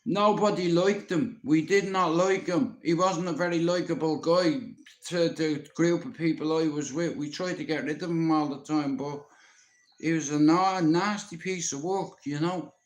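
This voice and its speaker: A man's voice: fairly high pitch, steady tone, normal speed, roomy sound. A man with a Dublin Irish accent hosting a livestream, telling rambling stories with blunt, profane language and talking straight to his viewers. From Ireland. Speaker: livestream host. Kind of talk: rambling storytelling to a live audience.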